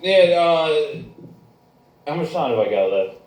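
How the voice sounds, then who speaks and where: A man's voice: a little high, very animated, takes it slowly, darkish tone. A man doing stand-up at a bar open mic, telling a crude, rambling story with plenty of restarts. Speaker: stand-up comic. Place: bar stage, echoey room. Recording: echoey bar room, distant mic.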